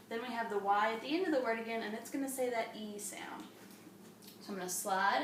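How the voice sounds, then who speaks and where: Patient teacher woman, echoey room. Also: mid-range voice. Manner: slow, patient, encouraging classroom tone. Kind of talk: early reading lesson for young children. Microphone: camera a few steps away. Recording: echoey room from a distance, faint hum.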